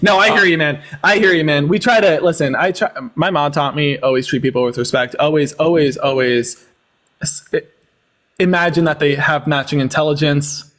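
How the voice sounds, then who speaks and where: Sarcastic, quick-witted young man hosting. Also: a little high, fairly bright tone. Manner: sarcastic, laughs often, lectures with facts. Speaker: live-stream debate host. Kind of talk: casual live-stream debate.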